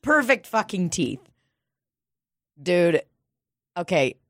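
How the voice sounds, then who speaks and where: A woman's voice: lowish voice, big pitch swings, takes it slowly, no room sound, clean studio sound. A woman co-hosting a comedy podcast in loose, laughing chat, swearing freely. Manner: swears a lot, laughs easily. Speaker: podcast co-host.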